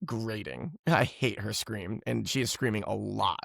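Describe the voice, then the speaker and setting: Gravelly-voiced man chatting casually. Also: on the low side, normal speed, no room sound, studio quality. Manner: laughs often, rambling and animated. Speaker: podcast co-host. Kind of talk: casual movie-review chat.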